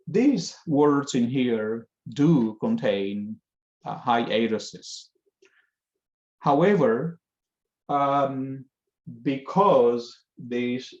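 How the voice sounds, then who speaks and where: A man gives a lesson at an unhurried, deliberate pace, pausing often to explain each point. His voice has a middle pitch and sounds dull and lo-fi in an echoey room. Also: darkish tone. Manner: slow, careful explanation with pauses. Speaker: Spanish teacher. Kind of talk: lecture.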